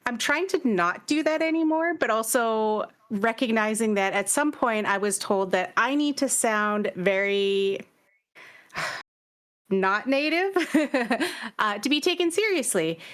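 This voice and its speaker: A woman from Canada speaking in a casual panel discussion, reflective and halting, with many restarts. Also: fairly high pitch, lively intonation, fairly bright tone.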